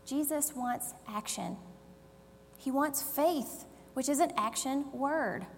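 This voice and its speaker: A woman's voice: high voice, slow pace. A woman preaching a conversational sermon in a church, telling the story with acted-out voices. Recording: long hall reverb, faint hum.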